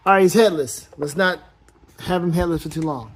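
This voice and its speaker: A man's voice: fairly high pitch, brisk, a little hiss or hum. Playful rambling man reviewing toys. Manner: rambling and playful, thinks aloud while posing the figure. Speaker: toy collector reviewing action figures. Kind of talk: casual unboxing-style toy review.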